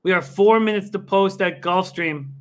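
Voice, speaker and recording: Bright, excitable young man streaming live. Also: high-pitched, normal speed. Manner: excitable, laughs often, chats with viewers by name. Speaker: livestream host betting on horse races. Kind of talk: casual live-stream commentary.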